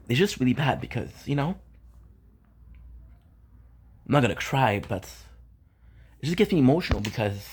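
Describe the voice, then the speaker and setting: A man with a medium-pitched, slightly breathy voice vents angrily about his neighbors. He's a content creator filming a home vlog on his balcony, and he repeats himself and swears.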